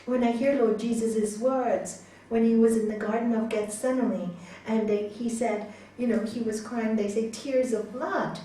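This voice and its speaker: A woman yoga teacher talks her class through fear in a soft, chatty way, often laughing. Her slightly high voice comes from far off in a large, ringing hall. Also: steady tone, moderate pace, few pauses. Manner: gentle, laughs often, acts out inner voices. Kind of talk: spiritual class talk.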